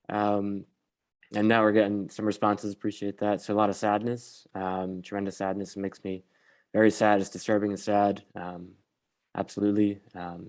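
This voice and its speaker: A man facilitating an online bias training, speaking in a measured way with frequent pauses. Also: on the low side, a little mellow. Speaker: workshop facilitator.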